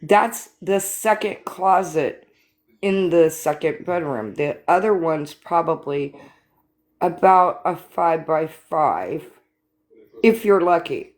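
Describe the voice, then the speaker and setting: A woman's voice: lowish voice, slow, a little mellow. An older woman hosting a live stream, telling stories with laughter and swearing in a casual chat. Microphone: phone or computer for live stream.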